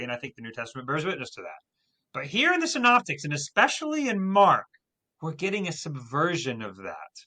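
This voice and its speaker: A man co-hosting a Bible lesson, explaining in a casual, animated way with emphatic stress. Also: on the high side. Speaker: Bible teacher co-host. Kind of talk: casual teaching discussion.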